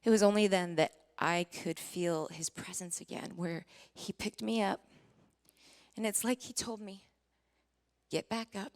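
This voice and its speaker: A woman in her forties giving a sermon testimony, telling her story with strong feeling, acting out what was said, rising to near-shouting and dropping to whispers. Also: medium pitch, a little slow. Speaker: Christian singer giving a testimony. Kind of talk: sermon testimony to a live audience.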